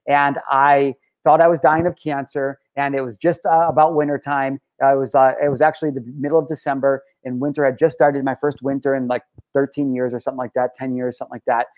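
A man's voice: medium pitch, little pitch movement, brisk, hardly any pauses, dull audio. A man in his thirties talking to camera in a casual, rambling personal vlog, emotional and full of restarts. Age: 30s. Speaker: vlogger.

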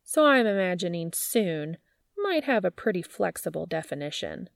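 A woman plays a slimy male building manager with a whiny, nasal voice who talks slyly and takes smug pleasure in others' trouble. The voice carries a gravelly edge with a dry, close sound. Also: fairly low pitch, expressive, unhurried, dry recording, heavily acted. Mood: gleeful. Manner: sly, gleeful and smug.

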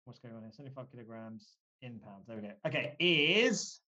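A man speaking as a guest, telling a story in a lively, joking way and swearing casually. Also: mid-range voice, brisk, highs cut off.

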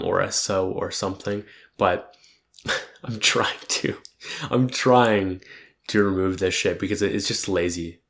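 A young man with a fairly low voice reflects out loud on his week of making content. He rambles and criticizes himself, often swearing and falling back on filler words. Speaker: content creator. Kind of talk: casual weekly self-reflection monologue.

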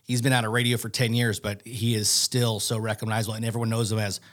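Chatty radio man, fairly low voice. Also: fast talker. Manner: animated, rambling storyteller with many fillers. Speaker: radio host and voice actor. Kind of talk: casual chat as a podcast guest.

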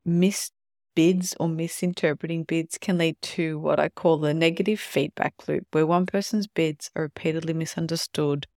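A podcast host talking calmly on their own about relationships and now and then acting out short quoted examples. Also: medium pitch, vocal fry, no room sound, studio quality. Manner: calm explanatory, acts out short quoted examples. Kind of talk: solo podcast talk on relationships.

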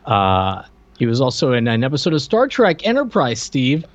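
A man's voice: medium pitch, huge pitch swings, moderate pace, dry recording, highs cut off. A man co-hosting a podcast in casual chat, hesitant, with many fillers and restarts. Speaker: podcast co-host.

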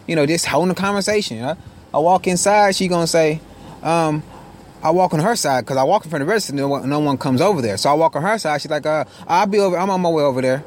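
Male podcast host, slightly high voice, frank and profane, animated storyteller, recording in a car. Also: fast, slight background noise. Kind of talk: casual storytelling monologue. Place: inside a parked car.

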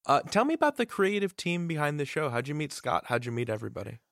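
A man's voice: a little high, big pitch swings, fast, creaky, a bit bright, no echo, clean studio sound. A man hosting a podcast interview, asking questions and chiming in with short, upbeat reactions. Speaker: podcast host. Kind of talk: casual interview.

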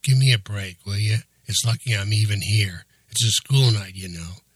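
An impatient, crude young man who grumbles and swears through every line, as a man puts him on while narrating. His voice comes out low and husky, with a dry, close recording. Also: normal speed, dry recording. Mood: grumbling.

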